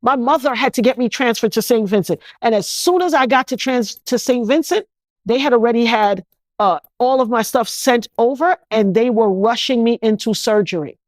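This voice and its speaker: Animated woman recounting, close and dry. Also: fairly high pitch, normal speed, no echo. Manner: animated, acts out others' voices, indignant questioning. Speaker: interview guest. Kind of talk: emotional first-person storytelling.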